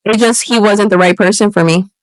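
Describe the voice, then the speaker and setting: A woman's voice: mid-range voice, fairly quick, no room sound. A young woman co-hosting a casual chat, chiming in with support and speaking candidly about herself. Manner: supportive, chimes in, relaxed and candid. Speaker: podcast co-host.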